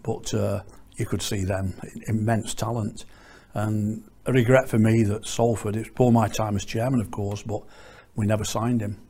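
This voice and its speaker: Brief: club chairman, husky mellow voice, matter-of-fact interview telling. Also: fairly low pitch, level tone, moderate pace. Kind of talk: interview recollection.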